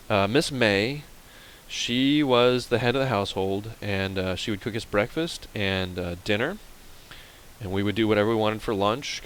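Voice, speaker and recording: A man's voice: fairly low pitch, a bit bright, slight background noise, rough recording. A man from Pennsylvania commenting on a game and telling a rambling story to viewers in a casual, chatty way. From Pennsylvania, USA. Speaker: let's play host.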